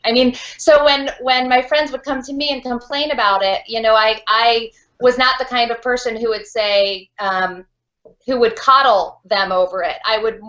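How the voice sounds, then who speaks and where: A woman's voice: mid-range voice, fairly bright tone. Frank, outspoken woman on a dull video call. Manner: frank and outspoken, many fillers. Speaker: author being interviewed. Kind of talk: candid video call interview.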